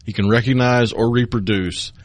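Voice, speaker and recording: A man's voice: mid-range voice, steady tone, normal speed, dry recording. A man co-hosting a radio talk show who explains facts in a trivia-minded way. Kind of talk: casual studio chat. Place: radio studio. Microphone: studio microphone.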